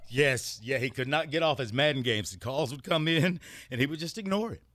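A man hosting morning radio, bantering and laughing with his co-hosts. His pitch swings widely and his voice is bright and forceful. The studio sound is close and dry. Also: brisk, dry recording. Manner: lively, laughing, joking with co-hosts. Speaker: radio show host.

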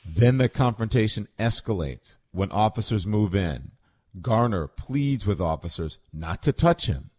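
Man, low register, radio commentator; deliberate, blunt read of a news story. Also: lively intonation, darkish tone, a little hiss or hum.

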